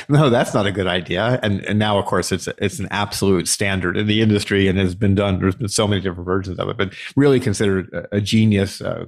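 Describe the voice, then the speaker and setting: A male podcast host in casual interview chat, chatty and quick to laugh, with many fillers. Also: on the low side.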